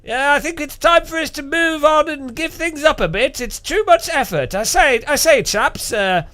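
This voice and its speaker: A man voicing a pompous, old-fashioned posh English gentleman in a blustering, plummy manner. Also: very high voice, expressive, moderate pace, pitched above the performer's own voice, full character voice.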